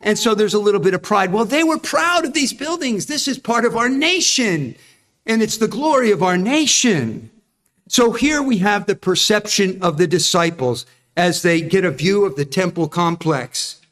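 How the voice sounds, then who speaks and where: A man's voice: high voice, animated, moderate pace, fairly bright tone. A man preaching a sermon who acts out the voices in his quotes and puts questions to the congregation. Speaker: pastor.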